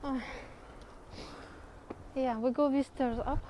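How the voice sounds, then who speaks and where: A woman narrates her hike up outdoor stairs in a casual, chatty way and laughs often. Her voice sits a little on the high side, and faint noise runs behind her. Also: fairly even intonation, slow. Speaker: vlog host. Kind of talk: casual chat while hiking.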